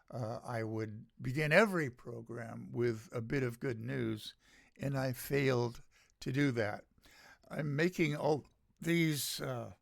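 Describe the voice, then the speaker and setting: Older man, american, podcast rant, gravelly voice, unhurried pace, dry close sound, halting, sardonic. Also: medium pitch, dry recording. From United States. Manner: halting and sardonic, with many filler pauses. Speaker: podcast host. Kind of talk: solo opinion rant.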